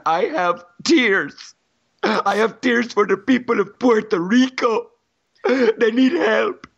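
King Julien: a man putting on a shrill, whiny lemur king. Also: vocal fry, fairly bright tone, breathy edge, lo-fi sound, heavily acted. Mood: wailing salesy. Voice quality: high, whiny, drawn-out pleading. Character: wailing male lemur king, theatrical and greedy.

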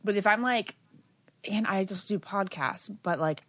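Woman podcast co-host, mid-pitched, dry close sound, chatty and animated storyteller. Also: a little slow, no echo. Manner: animated storyteller, acts out quotes. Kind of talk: casual chat.

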